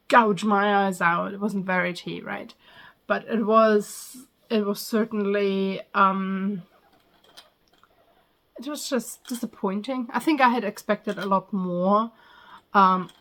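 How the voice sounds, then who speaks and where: A woman's voice: mid-range voice, a bit bright. A woman talking casually to camera as she reviews a book, her speech full of ums and likes. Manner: chatty, frequent ums and likes.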